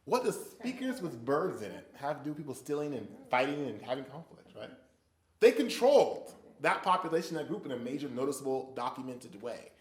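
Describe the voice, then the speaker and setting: Brisk and mid-pitched, this man hosts an interactive Bible study where he asks the group questions between stories. He brings the tales to life by performing small voices and sounds. The recording sounds echoey.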